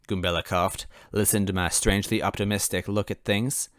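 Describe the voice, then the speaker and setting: A man's voice: low-pitched, fairly even intonation, moderate pace, few pauses, a bit bright, no echo, clean studio sound. A man reading fan fiction aloud in first person, adding wry asides to the listener. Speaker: story reader.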